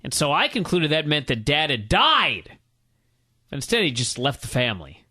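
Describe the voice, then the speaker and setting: Male podcast co-host, excitable storyteller, bright tone, very lively delivery. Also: a little high, moderate pace. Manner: animated storyteller, acts out quotes loudly. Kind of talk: excited comedic recap.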